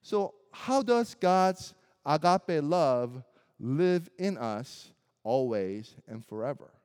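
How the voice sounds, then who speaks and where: A man's voice: on the high side, expressive, slow, darkish tone, clean tone. A man whose first language is Korean, preaching a sermon in an earnest, emphatic way and building through lists of rhetorical questions. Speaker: pastor. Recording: long hall reverb.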